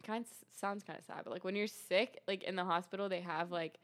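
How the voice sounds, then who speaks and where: A woman's voice: fairly low pitch, fairly even intonation, brisk. A young woman telling her faith testimony in a casual chat, earnest and full of fillers and restarts. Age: young adult. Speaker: guest sharing testimony.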